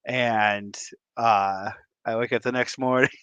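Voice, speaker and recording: A man from Michigan hosting a livestream, giving goofy, playful shout-outs to his viewers. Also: mid-range voice, fairly even intonation, clean tone, no room sound. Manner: playful and goofy, drawn-out silly repetitions. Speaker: livestream host.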